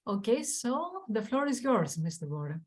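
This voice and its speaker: A woman's voice: fairly high pitch, sing-song, normal speed. A woman moderating an online academic conference over a video call, thanking speakers and passing the floor, with frequent fillers.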